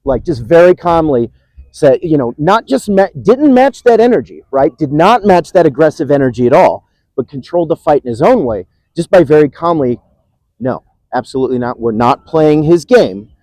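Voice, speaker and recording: A man's voice: fairly high pitch, very animated, moderate pace, darkish tone, no echo, rough recording. Enthusiastic male combat coach. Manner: enthusiastic, full of praise. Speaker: combat instructor. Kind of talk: teaching discussion.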